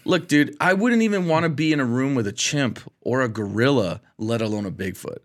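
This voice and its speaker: A man co-hosting a podcast in loose, casual conversation. He talks in an excitable, animated way and keeps dropping "dude" into his sentences. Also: medium pitch, a little fast. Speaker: podcast co-host. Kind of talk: casual chat.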